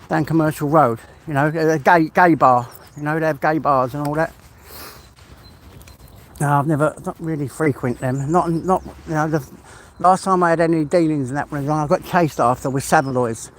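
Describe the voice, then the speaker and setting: A man chatting casually on a live stream while out walking, swearing freely and laughing often. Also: on the high side. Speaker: livestream host. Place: outdoors on a walk.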